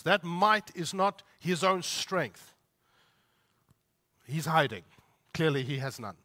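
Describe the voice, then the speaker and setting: Bright, forceful male preacher. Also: on the high side, unhurried, pauses often. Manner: emphatic preaching, repeats phrases and asks rhetorical questions. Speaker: pastor. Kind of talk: sermon.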